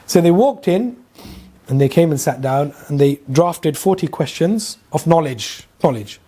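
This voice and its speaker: A man teaching a religious lesson as a lively storyteller who acts out each character's lines. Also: on the high side, a little slow, slightly rough. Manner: animated storyteller, acts out dialogue, laughs often. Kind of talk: storytelling lecture.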